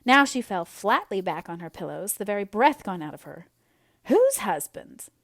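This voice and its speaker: A woman narrating an audiobook in a measured, expressive reading voice. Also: medium pitch, no room sound.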